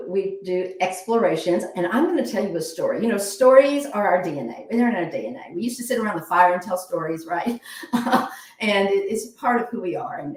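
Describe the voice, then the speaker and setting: A woman guest author explaining ideas in an animated, expressive way, often checking in with "right?". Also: lowish voice, roomy sound, far from the mic. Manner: animated, acts out phrases, keeps asking "right?".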